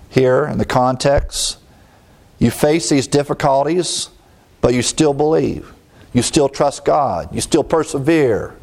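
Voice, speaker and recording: A man preaching an expository sermon, explaining word meanings with emphatic rises in pitch and brief chuckling asides. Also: darkish tone. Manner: emphatic teaching, leaping up in pitch on key words, chuckling asides.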